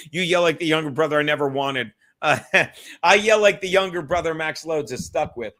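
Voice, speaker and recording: A man's voice: fairly high pitch, moderate pace, fairly bright tone. A male host chatting casually on a livestream, rambling and talking straight to his viewers in the chat. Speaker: podcast host reading live chat.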